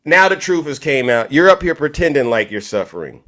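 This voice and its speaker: A middle-aged Californian man hosts a heated political debate on a live stream, his voice on the high side and sing-song. He talks fairly quickly with a bright, forceful tone, combatively cutting in by repeating the other person's name.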